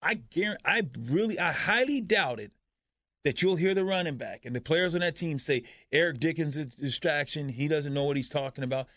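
Brief: male radio co-host, slightly higher pitch, dry studio sound. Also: lively intonation, brisk, fairly bright tone, no echo. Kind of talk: casual sports radio chat.

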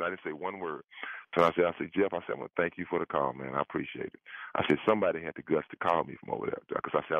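Brief: deep, gravelly man calling in, rapid-fire storyteller, tinny phone sound. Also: no room sound. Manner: repeats "I said" often, voice jumps high for quoted lines. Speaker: former player telling a story on a radio show. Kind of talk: animated storytelling, acting out both sides of phone calls. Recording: dry, tinny phone-line call-in.

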